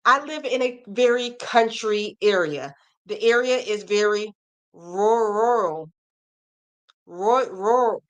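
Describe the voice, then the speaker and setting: A woman's voice: medium pitch, a little slow, a bit bright, clear, resonant tone. A woman hosting a casual crochet live stream, chatting with viewers, reading their comments aloud and reacting, and running through pattern blurbs in an upbeat tone.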